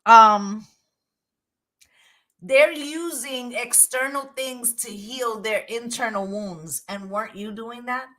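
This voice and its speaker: A woman talks through a tarot reading in a loose, emphatic way. She swears freely and keeps asking "right?" Her voice is bright and fairly high. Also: slow, rough recording. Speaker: tarot reader. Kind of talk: casual spoken tarot reading.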